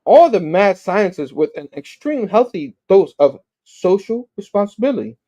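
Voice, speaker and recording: A man's voice: sits high, sing-song, normal speed, warm tone, muffled recording, voice pushed up. A man reading as a gushing boastful scientist. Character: adult male scientist, boastful old school friend.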